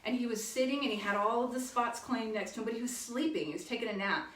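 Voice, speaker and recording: Woman, chatty storyteller, high bright voice, echoey room, mic at a distance. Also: fast talker. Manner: chatty, laughing, self-correcting. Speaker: singer telling a story. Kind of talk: casual storytelling.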